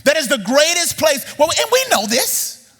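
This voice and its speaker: A man preaching a sermon in a church, animated, repeating words as he builds up and throwing questions at the audience. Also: very high voice, moderate pace, in a large hall. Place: church sanctuary.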